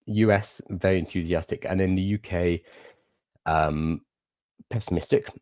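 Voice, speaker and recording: A man's voice: low voice, steady tone, unhurried, darkish tone, dry recording, clean studio sound. A young man hosting a livestream, chatting casually and answering viewer questions in an explanatory way. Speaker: livestream host.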